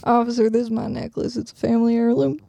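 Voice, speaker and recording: A woman doing a shady Southern belle who rambles in a soft, syrupy Southern US drawl, all mock innocence. Her voice sits on the high side yet sounds mellow and warm, with a gravelly fry at the ends of phrases. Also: monotone, fast talker, no echo. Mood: mock-innocent.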